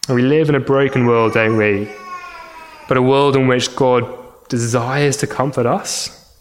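A man's voice: steady tone, measured pace, a little hiss or hum. Earnest man preaching a sermon. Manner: earnest, repeats words when restarting, rises in pitch for emphasis. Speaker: pastor.

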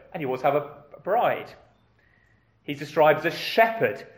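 A man's voice: on the high side, expressive, normal speed, reverberant. A man preaching a sermon in a conversational way, with rhetorical questions and questions put to the children.

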